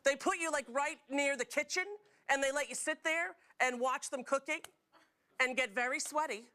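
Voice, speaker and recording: A woman's voice: high-pitched, normal speed, sharp tone, slight background noise. A middle-aged woman hosting a talk show, telling jokey stories to a studio audience. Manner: chatty, jokey storytelling with frequent laughs.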